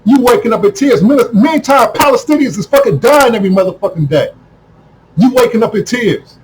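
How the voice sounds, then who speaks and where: A man delivering a heated, profane monologue to camera, repeating himself and breaking into shouts. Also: very high voice, expressive, a little fast, a little hiss or hum, rough recording. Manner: heated, repetitive, swears constantly, bursts into shouting. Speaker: video commentator.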